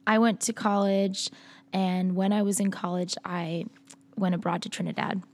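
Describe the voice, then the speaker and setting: A woman's voice: mid-range voice, flat delivery, moderate pace, darkish tone. A woman from Massachusetts, a musician guest, talking casually and telling her story in a podcast interview. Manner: chatty, laughs often, storytelling.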